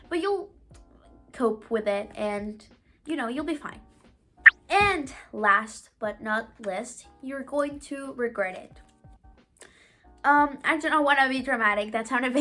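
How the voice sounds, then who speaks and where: A woman's voice: a little high, a bit bright. A young woman from Mexico, a Spanish speaker, giving casual advice to her vlog viewers in an earnest, chatty way full of "like" and "you know". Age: young adult. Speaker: vlogger.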